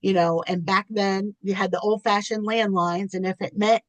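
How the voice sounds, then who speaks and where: A woman's voice: mid-range voice, steady tone, normal speed, no room sound. A middle-aged woman, a podcast guest, telling candid personal stories in an earnest, chatty way, often restarting her sentences.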